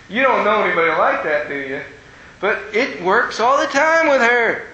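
A man's voice: lively intonation, normal speed, bright, forceful tone. A man preaching a conversational sermon, telling stories with animation and playful asides to his listeners. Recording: echoey room with faint rumble.

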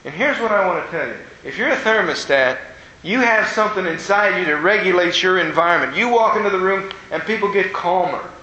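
A man's voice: lively intonation, brisk, pushed and bright, lo-fi sound. A man preaching a conversational sermon, telling stories with animation and playful asides to his listeners. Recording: echoey room with faint rumble.

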